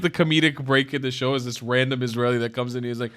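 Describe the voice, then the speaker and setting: A man's voice: medium pitch, steady tone, fast talker, fairly bright tone, clean tone. Guy running a live call-in stream, casual, blunt, laughs a lot. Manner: joking, laughs often, blunt. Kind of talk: casual chat, debating callers.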